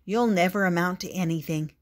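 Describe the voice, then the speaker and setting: A woman's voice: on the low side, fairly quick, lightly acted. An older woman voicing a stern, bossy older half-brother who tutors the boy, in a storybook reading. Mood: scolding. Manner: scolding.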